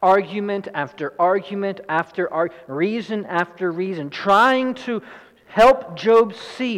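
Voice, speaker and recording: A man's voice: high voice, slow, in a large hall, rough recording. A man preaching a sermon, reading scripture aloud and paraphrasing it in dramatic, accusing voices.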